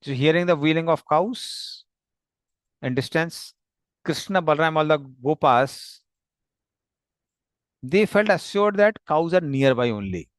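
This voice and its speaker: A man tells a devotional story at an unhurried pace, pausing often and explaining each slide. His voice sits a bit high for a man, and the sound is close and dry with no room echo. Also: expressive. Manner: slow, plain, explanatory with pauses.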